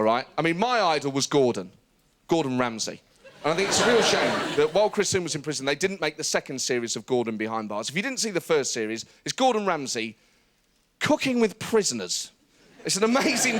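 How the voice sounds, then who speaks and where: Animated high-pitched comedian man. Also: a little hiss or hum. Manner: animated, mocking, laughing asides. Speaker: comedian host. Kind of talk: stand-up comedy monologue.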